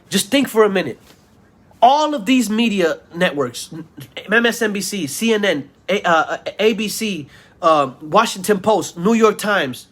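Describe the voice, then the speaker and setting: A vlogger rants heatedly in a video commentary, insulting his listeners, repeating himself, and stammering through restarts. His voice is high-pitched with a fairly bright tone.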